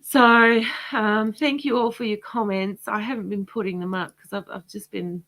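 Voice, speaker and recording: A woman hosting a livestream, speaking casually and passionately in a rambling way, her voice going hoarse. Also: mid-range voice, fairly even intonation, normal speed, fairly bright tone. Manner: impassioned, rambling. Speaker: host of a livestream.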